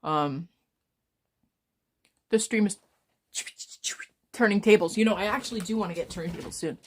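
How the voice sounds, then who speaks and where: A woman in her twenties chatting casually on a live stream, rambling and swearing freely as she talks fast. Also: medium pitch, a little hiss or hum. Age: 20s. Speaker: livestreamer.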